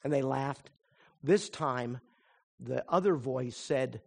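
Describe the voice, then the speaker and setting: A man preaching a sermon, telling a story in a lively way and turning soft and earnest when he draws the lesson. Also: mid-range voice, takes it slowly, vocal fry, breathy edge. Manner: animated storyteller who acts out quoted voices; drops to a soft, earnest tone for the application. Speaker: pastor.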